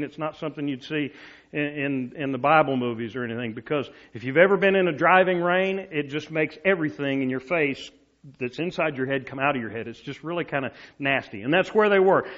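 Storytelling preacher, dull lo-fi sound. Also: male voice. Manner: storytelling, drops to a soft low voice for quoted words. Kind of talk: sermon.

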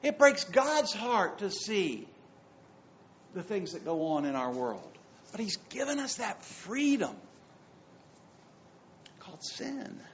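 A man preaching a sermon, emphatic and swinging between loud passages and soft ones. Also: high voice, sing-song, takes it slowly, long pauses, highs cut off, slight background noise. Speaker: pastor.

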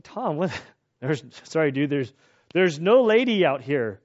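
Animated preaching man, lo-fi sound. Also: on the high side, unhurried. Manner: conversational, animated storytelling with restarts. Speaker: pastor. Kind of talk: sermon. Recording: dull lo-fi recording.

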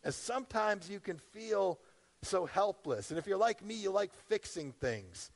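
A man's voice: high-pitched, animated, measured pace, big-room sound. A man as pastor, preaching a sermon in a conversational way, often asking the congregation questions.

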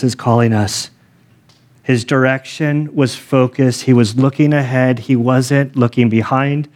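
A middle-aged man delivering a sermon as pastor, conversational and animated, weaving in personal stories. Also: medium pitch.

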